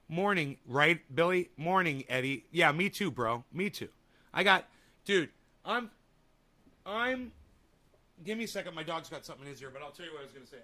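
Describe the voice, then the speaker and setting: Bright-voiced man ranting on a livestream. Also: a little high, expressive, normal speed, pauses often. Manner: profane, combative, rambling with restarts. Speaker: livestream host. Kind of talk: casual livestream chat reading comments.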